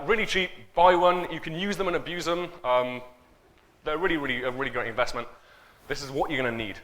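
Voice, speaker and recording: A man speaks from a conference stage, loose and unscripted, joking with the crowd and filling pauses with ums. His voice is bright and forward, at a middle pitch. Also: a little hiss or hum. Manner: chatty, joking, many fillers. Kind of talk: off-the-cuff stage talk. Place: conference stage before an audience.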